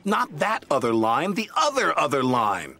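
A man's voice: fairly high pitch, very animated, a little fast, a bit bright, pitched above the performer's own voice. A man voicing a proud, snappish male twin steam engine in a storybook reading, in a raised voice. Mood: huffy. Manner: snappish and huffy.

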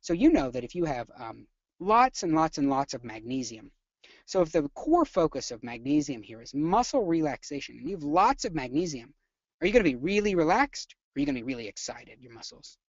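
Animated pitch, energetic chatty instructor, quizzes the audience, dull lo-fi dry sound. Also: a little fast, no room sound. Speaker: nursing instructor. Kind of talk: live webinar lecture.

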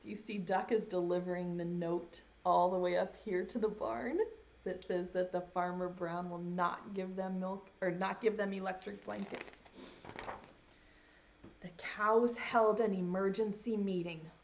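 A young woman, a preschool teacher, reads a picture book aloud at a slow, patient pace. She pauses often to ask the little ones questions. The recording sounds dull and lo-fi. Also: fairly low pitch, little pitch movement. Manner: gentle, asks children questions as she reads. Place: home video lesson.

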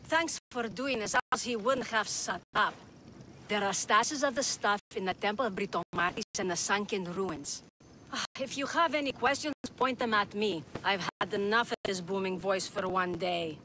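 A woman's voice: medium pitch, normal speed, background noise, natural voice. An actress voicing a sarcastic young female apprentice in a video game, teasing and dry.

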